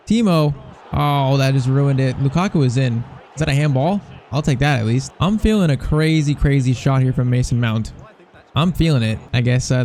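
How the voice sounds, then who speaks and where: Excitable young man commenting gameplay. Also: medium pitch, slight background noise. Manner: excitable, incredulous, self-mocking. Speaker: gaming YouTuber.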